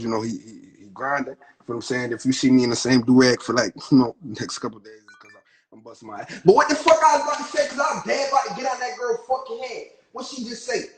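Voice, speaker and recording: A man's voice: mid-range voice, poor audio. A young man venting on a phone livestream, rambling, swearing and trailing off mid-thought. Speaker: rapper on livestream. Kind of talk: livestream rant.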